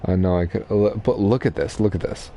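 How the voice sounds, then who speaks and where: A man's voice: on the low side, a little fast, slight background noise. A young man giving casual, chatty commentary while streaming a racing game. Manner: relaxed, chatty, explaining racing strategy.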